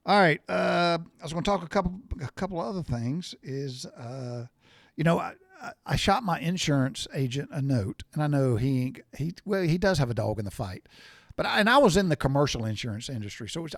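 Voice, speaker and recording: A man's voice: fairly high pitch, dry recording. Blunt man ranting into a dry mic. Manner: blunt, folksy, repetitive, easily worked up. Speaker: podcast host. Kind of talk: opinionated solo podcast rant.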